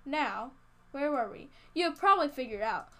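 A woman's voice: high voice, lively intonation, normal speed, sharp tone. A woman reading a children's story aloud, playful and teasing in tone.

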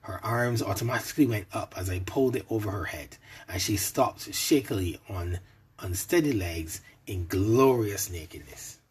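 A man narrating an adult story in a soft, intimate way, sometimes dropping to a whisper. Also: on the low side, normal speed, slightly rough.

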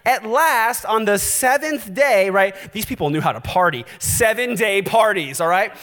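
A male pastor preaching a sermon, animated and direct, challenging his listeners. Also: high voice, a little slow, few pauses, big-room sound.

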